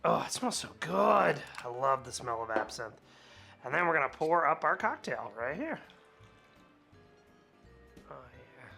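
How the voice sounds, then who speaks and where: A man's voice: fairly high pitch, big pitch swings, measured pace, creaky, long pauses, pushed and bright, faint music behind. A man hosting a casual cocktail-making vlog, chatty and laughing often with rambling asides, a little hungover. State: slightly hungover. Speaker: cocktail channel host.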